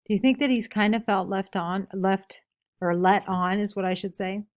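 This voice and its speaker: A woman teacher guides a class discussion of a novel. She reads short passages aloud, explains them, and keeps asking the students questions. Her voice sits at an ordinary middle pitch. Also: steady tone. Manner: asks many questions, pausing for answers.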